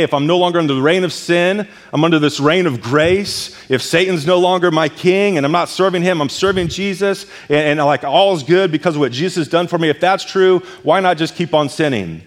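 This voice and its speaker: Male pastor, mid-high voice, emphatic sermon delivery, long church reverb. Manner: emphatic, repeats words when stressing a point. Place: church sanctuary.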